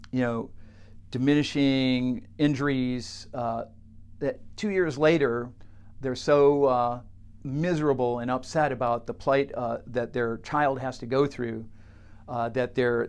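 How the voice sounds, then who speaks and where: A man who works with clients, telling a teaching story straight to camera in a halting way, with many fillers and restarts. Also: medium pitch, clear, resonant tone. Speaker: coach working with clients.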